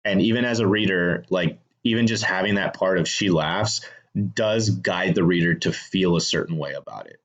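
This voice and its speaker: A man's voice: low voice, normal speed, a bit bright, lo-fi sound. A man explaining how he revises a screenplay in a casual, thinking-aloud way, with frequent restarts and fillers. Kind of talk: casual instructional talk.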